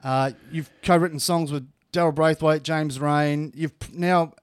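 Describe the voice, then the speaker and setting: A man's voice: fairly high pitch, fairly even intonation, a little slow, smooth, no echo, clean studio sound. A man, hosting and chatting casually with guests. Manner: chatty, laughing interviewer. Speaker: radio host. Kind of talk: casual banter.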